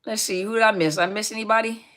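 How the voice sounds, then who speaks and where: A woman's voice: mid-range voice, steady tone, fast talker, fairly bright tone. A middle-aged woman hosting a live question-and-answer stream, casually and cheerfully greeting viewers by name and laughing often. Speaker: host of a live Q&A on narcissistic abuse.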